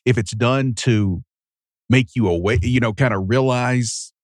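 A man's voice: mid-range voice, a little slow, dry recording, studio quality. Hesitant male co-host. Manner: hesitant, searching for words. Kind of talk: casual conversation.

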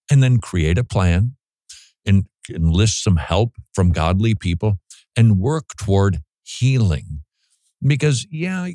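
Low-voiced joking male radio host. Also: mellow, dry recording. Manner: joking, then earnest pastoral advice. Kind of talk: casual radio talk and advice.

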